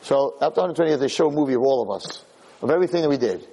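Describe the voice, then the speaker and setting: A man who lectures on Jewish themes, delivering an animated, dramatic storytelling sermon. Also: medium pitch, very fast, breathy edge, rough recording.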